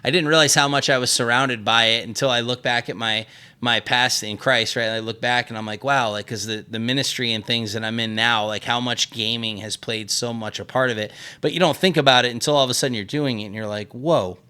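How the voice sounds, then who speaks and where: A man's voice: mid-range voice, fairly even intonation, brisk, pushed and bright, smooth. A man hosting a podcast in casual conversation, rambling and self-deprecating, often laughing at himself. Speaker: podcast host.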